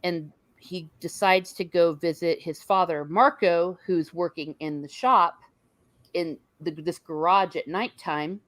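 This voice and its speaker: A woman with a lowish voice recorded close and dry. She retells favorite scenes in enthusiastic detail, in an easy, chatty way. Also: unhurried, no echo. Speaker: podcast co-host. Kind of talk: casual chat.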